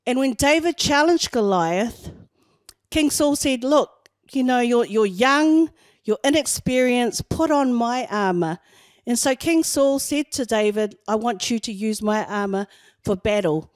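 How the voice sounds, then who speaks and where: A woman pastor delivers a sermon, telling personal stories in an easy conversational way. She is middle-aged, and her voice sits slightly high. The sound is close and dry, with almost no room around it. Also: animated, measured pace, dry recording.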